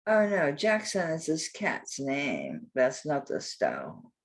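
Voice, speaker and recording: Husky older woman with a drawl. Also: deep voice, wildly swooping pitch, slow pace. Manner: rambling, talks to herself, mild cursing. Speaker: jewelry seller. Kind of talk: live sale, chatty self-talk while looking up items.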